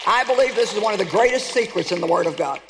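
A woman's voice: mid-range voice, lively intonation, fast talker, a crowd in the background, background noise. A woman preaches with emphatic, rallying delivery, calling out to her congregation. Her voice rings through a large hall with a long reverb trail. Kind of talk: sermon.

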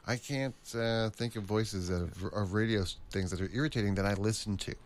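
Low-voiced man, halting and dry. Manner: hesitant, halting, dry asides. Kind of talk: casual chat. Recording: faint background noise.

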